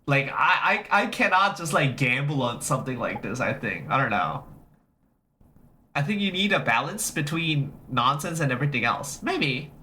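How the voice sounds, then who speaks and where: A livestreamer with a mid-range voice chats casually at a normal speed, rambling, repeating phrases and swearing freely. Animated, they react to chat and greet viewers as they arrive.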